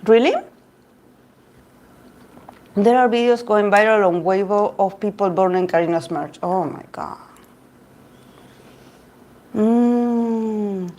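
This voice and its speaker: A woman host chatting casually about idol news, gossipy and quick to laugh, often restarting her sentences. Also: mid-range voice, darkish tone. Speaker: tarot reader and channel host. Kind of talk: casual chat reading live comments.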